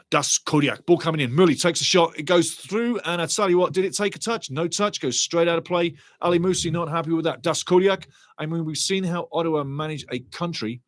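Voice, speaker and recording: An excitable man calls a match live and chats back at his viewers. His voice sits a little high, and he keeps looping his pet phrases. The sound is dry and close. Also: no room sound. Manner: excitable, chatty, repeats catchphrases. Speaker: watch-along commentator. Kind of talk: live match commentary with chat reading.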